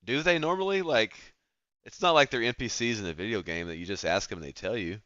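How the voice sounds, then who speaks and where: A man's voice: on the low side, fast talker, a bit bright, no echo, highs cut off. A man hosting a casual stream, rambling and restarting his thoughts with lots of filler. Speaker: streamer host.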